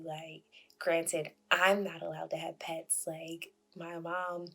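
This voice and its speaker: A young woman casually telling a story to camera, chatty and quick to laugh, acting out what people said, over faint music. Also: lowish voice, fairly even intonation, a bit bright. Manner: chatty, laughing, acts out quotes. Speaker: vlogger.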